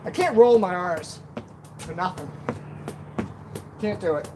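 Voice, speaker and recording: A high-pitched man talks through a casual outdoor live stream, joking and poking fun at himself between moves. The mic picks up clear outdoor noise all around him, with birds and wind in the background. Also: expressive, takes it slowly. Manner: chatty, joking, self-deprecating. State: out of breath at times. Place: outdoors on a backyard deck. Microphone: camera on a stand.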